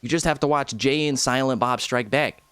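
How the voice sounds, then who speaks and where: A man's voice: mid-range voice, moderate pace, fairly bright tone, smooth, dry recording. A young man livestreaming a video game, giving casual, jokey commentary with big exclamations.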